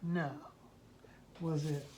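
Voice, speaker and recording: A woman's voice: deep voice, flat delivery, very slow, noisy background. A woman reading a children's picture book aloud to a child, mimicking the sounds and asking the listener questions.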